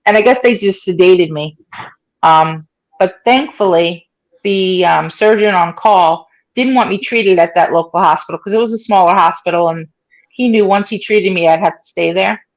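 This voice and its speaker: A woman's voice: on the low side, moderate pace, rough recording. A woman in her forties telling her own story in an interview, conversational and full of fillers, acting out what people said. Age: 40s. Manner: conversational, many fillers, acts out quoted speech. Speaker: interviewee, stroke survivor.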